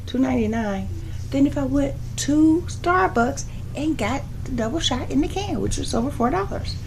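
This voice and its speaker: A woman's voice: a little high, creaky, a little mellow, slight background noise, rough recording. A woman vlogger chatting casually to camera, rambling from topic to topic, laughing often and acting out what other people said. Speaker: soap-making vlogger.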